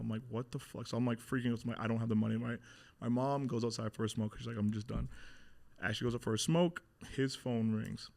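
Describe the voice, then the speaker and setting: A young man with a gravelly, fry-laden voice at an ordinary middle pitch shares his own story as a podcast guest. He talks loosely and candidly, with plenty of fillers and blunt swearing. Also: darkish tone. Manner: casual, heavy filler and frequent swearing.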